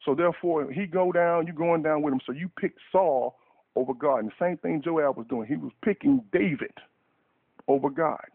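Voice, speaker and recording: A man with a somewhat high, gravelly and husky voice preaches a fervent sermon on talk radio. He stacks and repeats words in urgent bursts. The sound is tinny and dry, as if through a phone line. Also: normal speed, no echo.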